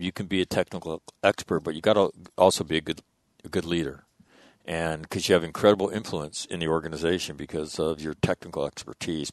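A man's voice: sits low, dry recording, clean studio sound. A man hosting a casual interview, breaking in to explain terms for his listeners. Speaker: podcast host.

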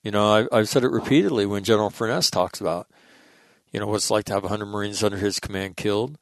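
A middle-aged man with a lowish voice tells stories in a loose, rambling monologue, restarting his sentences and swearing casually. The sound is close and dry, with no room echo. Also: fast.

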